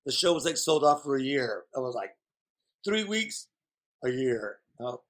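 A man's voice: medium pitch, sing-song, measured pace, fairly bright tone. A man chatting as a guest, telling rambling, candid stories in a playful way. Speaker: guest performer. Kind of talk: casual chat.

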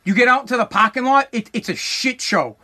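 A man's voice: very high-pitched, expressive, fairly quick, bright, forceful tone. A man telling a comic story as a profane, exasperated rant, full of stammered restarts. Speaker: comedic storyteller.

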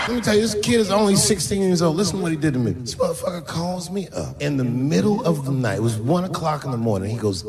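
Stand-up man with a lively, creaky voice. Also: a little high, a crowd in the background. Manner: storytelling with acted-out voices, drawn-out punchlines. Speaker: stand-up comedian. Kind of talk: stand-up comedy. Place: comedy stage before a live audience. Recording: echoey live venue with audience.

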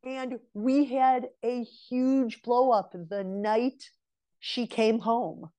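A woman's voice: a little high, steady tone, extremely slow, warm tone. A woman in her forties, a guest on an interview, telling a personal story and giving earnest advice straight to women listeners. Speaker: interview guest, relationship mentor. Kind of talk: casual conversational storytelling.

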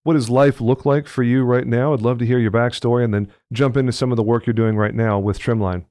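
A man's voice: mid-range voice, steady tone, brisk, dark tone, no room sound, studio quality. A man from Texas who hosts a podcast and talks in a chatty, joking, friendly way. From Texas, United States. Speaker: podcast host. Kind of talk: casual interview chat.

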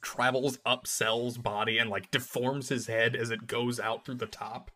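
Bright, playful man on a podcast. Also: mid-range voice, little pitch movement, a little slow, slight background noise. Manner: playful, enthusiastic, poses joking what-ifs. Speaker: podcast co-host. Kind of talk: casual chat reviewing an anime episode.

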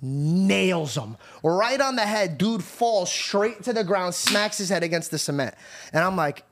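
A young man hosts a podcast, telling a story in a casual, animated way while swearing freely and acting out what people said. His voice sits high and his pace is moderate.

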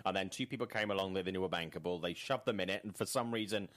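A man's voice: deep voice, fast. A man co-hosting a podcast, cracking jokes and puns while chatting about movie news. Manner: jokey, punning, very animated delivery. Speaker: podcast co-host. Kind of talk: casual movie news chat.

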